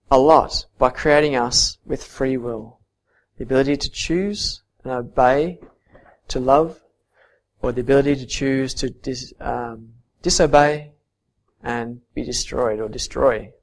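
Earnest man preaching, mid-pitched. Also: slow, long pauses. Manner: earnest, swings from soft to emphatic. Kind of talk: sermon with Bible reading.

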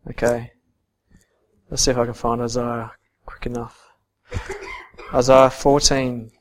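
A man preaching a sermon and reading scripture, earnest, swinging from soft to emphatic. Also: mid-range voice, level tone, slow pace.

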